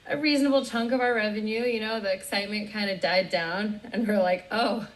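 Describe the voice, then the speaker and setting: A woman DJ as a guest in a casual interview, talking in a relaxed, rambling way. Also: mid-range voice, fast, poor audio. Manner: relaxed, rambling, lots of you knows and likes.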